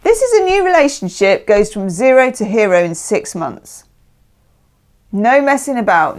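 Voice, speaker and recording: A woman's voice: mid-range voice, animated, measured pace. A woman giving a casual, chatty tarot reading, emphatic and often checking in with the listener. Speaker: tarot reader.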